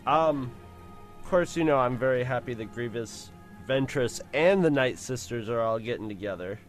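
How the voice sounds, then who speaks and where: A man's voice: medium pitch, animated, normal speed, soft background music. Laid-back man podcast co-host. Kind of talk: casual chat.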